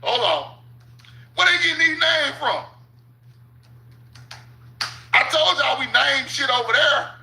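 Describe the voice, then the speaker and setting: A man with a very high, bright voice and plenty of gravelly fry gives loose, profane commentary over maps. He talks slowly, his pitch swinging widely as he keeps stopping to say "hold on" and laughing at his own points. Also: slight background noise, rough recording. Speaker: channel host.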